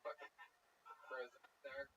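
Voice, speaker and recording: A man's voice: mid-range voice, flat delivery, normal speed, pushed and bright, muffled recording. A man hosting a comedy show, doing crowd work with brash, profane, mocking banter from a club stage. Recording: distant mic with faint noise.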